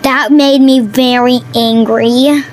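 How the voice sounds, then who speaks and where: A woman chatting casually over her gameplay, excitable and quick to gasp and yelp at what happens on screen. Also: sits high, a little hiss or hum, rough recording. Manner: excitable, yelps and gasps at the game. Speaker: mobile game player.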